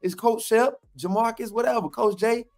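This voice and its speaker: A man putting on the voice of an upbeat, friendly male football coach who talks excitedly and keeps calling people brother. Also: very high-pitched, moderate pace, soft background music, pitched above the performer's own voice. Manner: excited, repeats himself, calls people brother.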